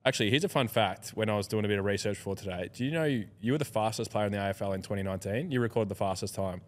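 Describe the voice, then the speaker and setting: A young Australian man hosting a podcast, teasing his guest in quick, casual banter. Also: fairly low pitch. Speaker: podcast host. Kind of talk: casual interview chat. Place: podcast studio.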